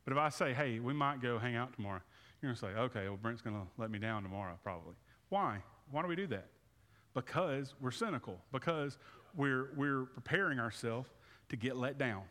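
Guy in his 30s preaching casual-style, lots of restarts and repeats, mid pitch, big echoey church hall. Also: animated, fairly quick, fairly bright tone. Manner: conversational preaching with many restarts and repeated words. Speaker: pastor. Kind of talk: sermon with altar call. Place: church sanctuary. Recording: reverberant hall.

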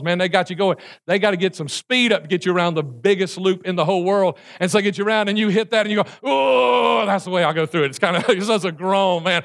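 A man, a pastor preaching a sermon and telling stories in an animated way. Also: high-pitched. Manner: animated storytelling, acting out prayers and screams.

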